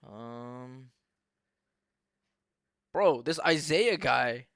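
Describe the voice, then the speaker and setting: A man's voice: fairly high pitch, measured pace, a bit bright, no echo, clean studio sound. Joking, profane young streamer man. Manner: joking, profane, rambling banter with chat. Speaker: race commentator and streamer. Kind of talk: casual live-stream commentary.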